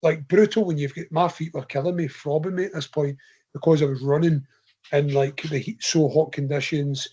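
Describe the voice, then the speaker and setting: A man's voice: a little high, fairly even intonation, moderate pace, dark tone. A man with a Scottish accent, a podcast guest telling a chatty, rambling anecdote in a casual way and laughing often. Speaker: podcast guest, ultra runner. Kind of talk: casual storytelling. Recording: slightly dull lo-fi podcast audio.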